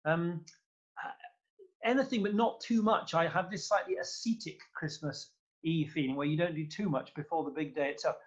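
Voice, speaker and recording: Male guest conductor, effusive and rambling, slightly higher voice, lo-fi call sound. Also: normal speed. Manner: enthusiastic, effusive, rambling with fillers. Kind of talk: casual interview chat.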